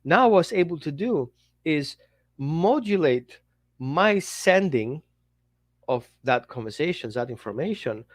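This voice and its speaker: A dog trainer talks casually to his listeners in a fairly high, very lively voice. He keeps acting out little dialogues as he teaches. The sound is close and dry. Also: a little slow, no room sound. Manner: animated, acts out little dialogues.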